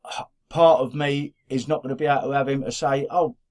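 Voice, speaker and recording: A man's voice: medium pitch, little pitch movement, fairly quick, darkish tone. A middle-aged man from the Black Country of England, co-hosting a podcast in casual chat, rambling and restarting his sentences often. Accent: Black Country English. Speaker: podcast co-host.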